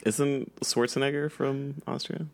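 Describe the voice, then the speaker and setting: A man playing in a casual tabletop game, joking and quick with quips about the rules. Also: mid-range voice, little pitch movement, gravelly. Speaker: player.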